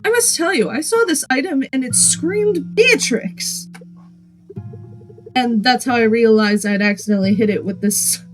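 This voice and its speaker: A woman voicing an eccentric male inventor who talks in an excitable, cheerfully nervous way. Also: on the high side, faint music behind, natural voice. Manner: excitable, fast, covering up a mishap.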